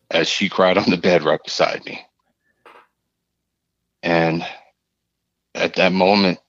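A man, a podcast guest, telling a personal story in a halting, earnest way, often repeating his phrases. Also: low voice, fairly bright tone, dry recording, lo-fi sound.

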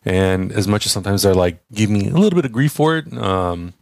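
A man with a low voice co-hosts a casual podcast, rambling easily and tossing in dude and bro. His voice is close and dry on the mic, with no room sound. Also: a little fast, a little mellow, no echo. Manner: laid-back, rambling, says dude and bro. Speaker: co-host.

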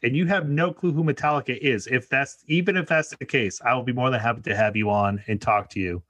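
A man's voice: mid-range voice, a little fast, fairly bright tone, no room sound. Upbeat man talking podcast. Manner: upbeat, laughs easily, self-mocking. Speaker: podcast host. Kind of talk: casual podcast chat.

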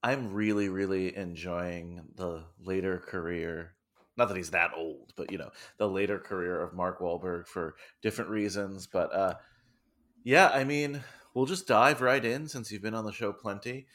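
A man's voice: low voice, normal speed, a bit bright. A man hosting a podcast, talking in a jokey, upbeat, casual way. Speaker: podcast host.

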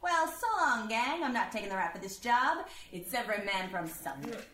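A woman's voice: on the high side, animated, brisk, heavy background noise, lightly acted. A woman playing a tough-talking gangster's moll. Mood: mocking. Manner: tough slangy drawl, taunting. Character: young woman posing as a brash gangster's moll. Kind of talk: 1930s screwball film acting. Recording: roomy old film soundtrack.

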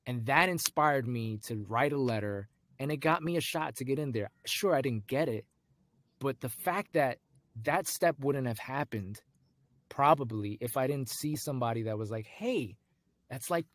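Young man telling a lively story. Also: medium pitch, normal speed, no echo. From United States. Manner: animated, acts out voices in his anecdotes. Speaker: guest. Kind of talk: storytelling in casual conversation.

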